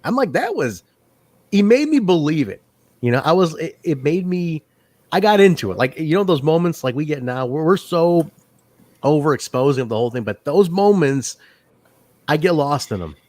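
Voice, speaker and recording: A man co-hosting a casual chat, talking in an animated way, laughing often and acting out quotes he recalls. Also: fairly high pitch, moderate pace, no room sound. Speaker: podcast co-host.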